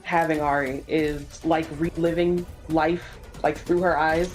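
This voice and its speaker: A woman's voice: little pitch movement, measured pace, a little mellow, soft background music, rough recording. Chatty woman telling stories while gaming. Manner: chatty storytelling, mimics kids in high squeaky voices; casual swearing, says "like" a lot. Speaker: streamer co-host. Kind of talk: casual chat while gaming.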